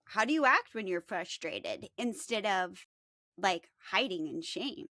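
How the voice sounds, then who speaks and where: A woman's voice: medium pitch, expressive, a little slow, sharp tone, no echo, clean studio sound. A woman co-hosting a podcast, speaking earnestly and sincerely about feelings. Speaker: podcast co-host. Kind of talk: casual chat.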